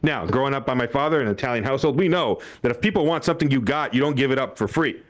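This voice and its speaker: A man's voice: mid-range voice, animated, very fast. A young man doing a stand-up comedy set on a club stage, telling family stories with acted-out quotes and frequent laughter.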